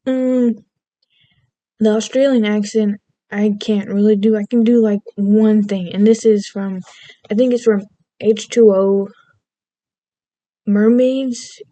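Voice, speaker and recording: A woman's voice: medium pitch, fairly even intonation, takes it slowly, long pauses, mellow, dry recording. A young adult woman vlogging in rambling, goofy casual chat, self-deprecating and meandering between topics.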